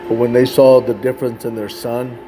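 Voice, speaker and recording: A man's voice: mid-range voice, little pitch movement, a little fast, mellow, a little hiss or hum. A man telling a personal faith testimony in a casual way, often tagging sentences with "man". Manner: casual, ends phrases with "man". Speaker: Christian storyteller.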